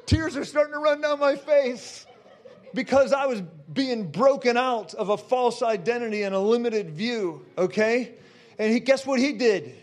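High-voiced man preaching a testimony. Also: moderate pace. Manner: animated storyteller, shouting at the climax.

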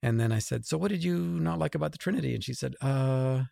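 A middle-aged man with a gravelly, creaky edge speaks in a dry, close recording. He is an author and a guest, and he tells his story with lively quoted dialogue. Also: medium pitch, fast talker, dry recording. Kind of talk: conversational storytelling.

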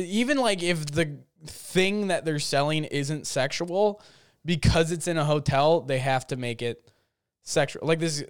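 A man's voice: medium pitch, clean tone, no room sound, clean studio sound. A young man telling a rambling, jokey story in a casual vlog, full of fillers and restarts. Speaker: vlogger.

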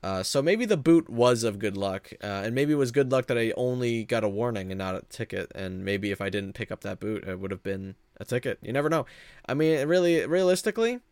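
A man's voice: medium pitch, expressive, fairly quick, a little mellow, smooth, no room sound. A young man telling a story in a casual, rambling way, full of fillers and restarts and laughing at himself.

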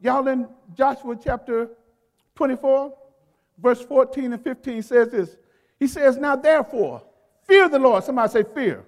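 Male pastor, very high voice, call-and-response sermon with emphatic stresses, long hall reverb. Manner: call-and-response preaching, urging the congregation to repeat words; emphatic, drawn-out stresses on key phrases. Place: church sanctuary.

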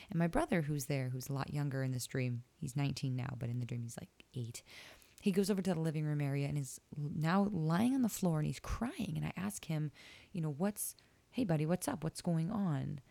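A woman's voice: sits low, animated, fairly quick, gravelly, dark tone, no room sound. A young woman hosting a podcast, candidly retelling a dream and reflecting on it in a casual, personal way. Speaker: podcast host. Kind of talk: casual solo podcast talk.

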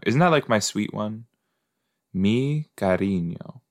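A man's voice: fairly low pitch, animated, takes it slowly. A man hosting a podcast, giving casual, playful reaction commentary while watching a show and laughing easily. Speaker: podcast host.

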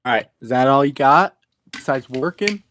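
A man in casual chat, teasing and chiming in with quick remarks. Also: mid-range voice, lively intonation, fairly bright tone, a little hiss or hum. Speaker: podcast co-host.

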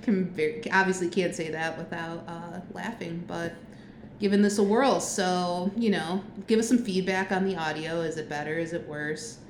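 A woman's voice: on the low side, fairly even intonation, normal speed. Brief: woman co-host, casual chat, giggly and rambling, recorded in a roomy apartment with faint hum. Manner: chatty, laughs often, trails off with fillers. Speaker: podcast co-host. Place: apartment room. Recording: echoey room, faint ambience.

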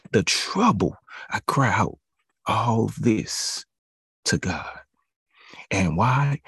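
Man, preacher, breathy husky voice, slow deliberate delivery, emphatic repeated phrases, dry close sound. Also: lowish voice, no room sound. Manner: emphatic, repetitive preaching cadence. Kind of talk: devotional sermon.

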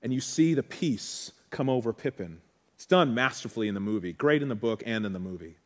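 A man's voice: mid-range voice, lively intonation, a little fast. A male pastor preaching a sermon in an earnest, heartfelt way, with conversational asides to the congregation.

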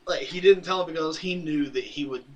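A man's voice: a little high, brisk, poor audio. A man co-hosting a podcast, casually retelling a comic book's story and quoting its characters with laughs along the way. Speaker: podcast co-host. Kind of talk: casual comic recap chat.

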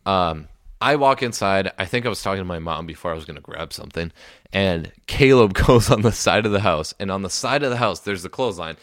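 A man's voice: deep voice, expressive, fairly quick, a bit bright, no room sound, studio quality. A young man hosting a podcast, telling stories in casual chat and laughing often. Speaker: podcast host.

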